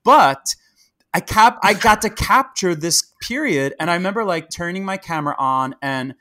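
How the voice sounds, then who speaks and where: A middle-aged man tells a story as a podcast guest. His voice sits a bit high for a man, and he talks in an animated way with many fillers and restarts. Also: moderate pace. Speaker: podcast guest, Broadway actor. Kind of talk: casual interview chat.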